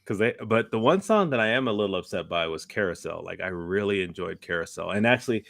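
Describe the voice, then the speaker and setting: A man's voice: on the low side, lively intonation, fast talker, creaky, fairly bright tone, no echo, clean studio sound. A man co-hosting a live talk show, chatting casually, laughing often and restarting his sentences. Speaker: podcast co-host. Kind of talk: casual chat.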